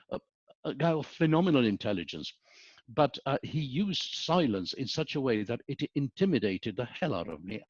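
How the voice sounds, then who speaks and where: A man's voice: a little high, no room sound, highs cut off. A middle-aged man, a business school professor giving a webinar lecture, telling anecdotes and often checking in with "okay?". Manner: anecdotal, animated storytelling with frequent "okay?" checks.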